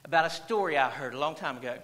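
On a rough recording, a pastor speaks on the high side at a quick pace, animated and with a fairly bright tone. He's preaching in church, reading an anecdote aloud as a story while repeating phrases and firing questions at the congregation.

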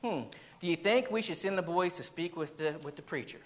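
A man's voice: on the high side, a little fast, natural voice. A man reading out the lines of a worried mother during a sermon story. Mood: unsure. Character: worried mother of two unruly boys.

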